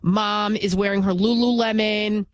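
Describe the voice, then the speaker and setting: A woman filling in as host of a talk show, delivering an animated, opinionated monologue full of anecdotes. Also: mid-range voice, measured pace, dry recording. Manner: animated storytelling, acts out quoted voices.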